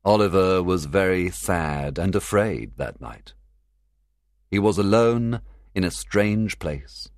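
A man narrating a simplified classic novel for learners in a clear, deliberate way. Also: deep voice, lively intonation, darkish tone, dry recording, clean studio sound. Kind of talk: graded reader audiobook narration.

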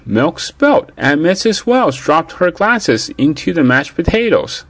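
A man narrating a children's story in an expressive read-aloud manner. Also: on the high side, measured pace, hardly any pauses, no echo.

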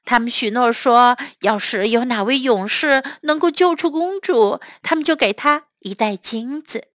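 Woman teacher, children's story reading, high voice, dry close sound. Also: dry recording. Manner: slow, clear and expressive storytelling. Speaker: English teacher.

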